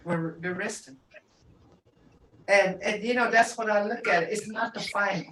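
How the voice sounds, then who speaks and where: An older woman teaching a language class in an unhurried, storytelling way, often breaking into laughter. She is heard from some distance in an echoey room, with a faint hiss underneath. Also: medium pitch, a bit bright.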